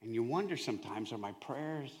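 A male pastor preaching a sermon with animated storytelling, swinging from loud to hushed. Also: medium pitch, fairly quick.

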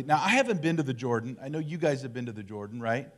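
Animated joking church elder. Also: male voice, fairly high pitch, a little fast, few pauses. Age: middle-aged. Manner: humorous, animated, self-deprecating asides. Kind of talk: casual storytelling sermon.

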